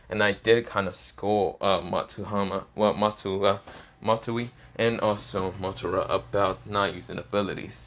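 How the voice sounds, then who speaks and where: A man's voice: lowish voice, normal speed, a bit bright, a little hiss or hum. Rambling male fan-fiction storyteller. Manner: rambling, full of fillers and self-corrections. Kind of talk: improvised fan-fiction narration.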